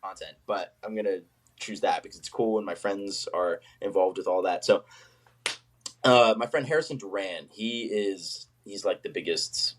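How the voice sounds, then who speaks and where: A man from the United States, a paleontologist guest telling stories in a casual podcast chat, full of fillers and restarts. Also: low voice. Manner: chatty, storytelling, many fillers.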